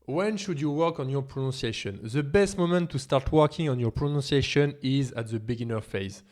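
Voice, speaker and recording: A man's voice: mid-range voice, normal speed, a little mellow. French-accented man teaching pronunciation. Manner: emphatic, rhetorical questions, occasional laughs. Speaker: language teacher. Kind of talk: scripted video lesson.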